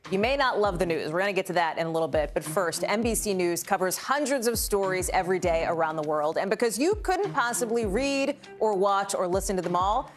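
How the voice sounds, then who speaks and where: Chatty woman news anchor. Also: mid-range voice. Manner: chatty, conversational asides.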